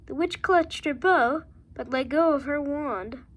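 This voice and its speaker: A woman reading a rhyming picture book aloud with a steady rhythm. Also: high voice, measured pace. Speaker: reader.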